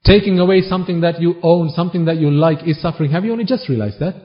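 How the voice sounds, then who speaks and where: A Buddhist preacher with a fairly high-pitched voice talks fast through a sermon, wryly teasing his audience with question after question. The recording is dull and lo-fi.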